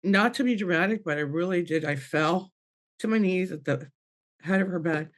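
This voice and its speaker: A middle-aged woman, a guest medium, telling an emotional personal story in an earnest way. She acts out dialogue with a rising voice and drops low and soft when she is moved. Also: moderate pace.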